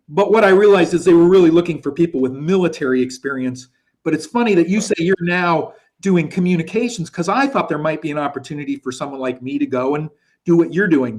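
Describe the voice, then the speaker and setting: A man from the United States co-hosts a live online show over a video call. His voice sits fairly high, and he talks in a chatty, rambling way, correcting himself as he goes. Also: darkish tone. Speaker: co-host.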